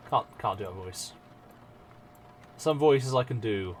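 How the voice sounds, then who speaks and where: A man's voice: on the low side, lively intonation, measured pace, pauses often, slight background noise. A man streaming live, chatting casually and self-mockingly with his viewers and swearing freely as he works.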